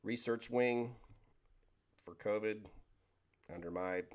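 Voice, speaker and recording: A man's voice: fairly low pitch, takes it slowly. Rambling, joking man chatting on stream. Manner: rambling, joking, stumbles over words. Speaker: livestream host reading chat. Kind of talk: casual livestream chat.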